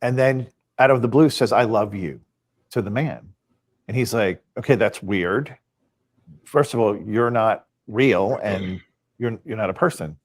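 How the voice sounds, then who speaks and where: A man on a podcast, casually retelling stories and acting out the quoted dialogue. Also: lowish voice. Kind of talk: casual storytelling.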